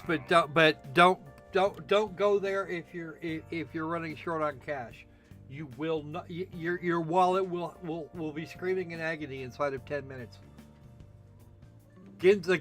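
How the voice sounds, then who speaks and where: A man's voice: a little high, fairly bright tone. A man giving casual, sarcastic commentary while playing a video game, rambling with stammered restarts. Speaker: let's play host.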